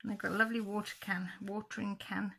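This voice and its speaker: A chatty woman talks viewers through a book flip-through, chuckling as she goes. Her voice is bright and forward with a gravelly rasp at the edges. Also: medium pitch, little pitch movement, fast. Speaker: channel host.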